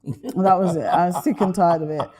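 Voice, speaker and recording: A woman from the UK, an interview guest telling lively stories in a chatty, animated way. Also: lowish voice, normal speed, crowd noise. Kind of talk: animated storytelling.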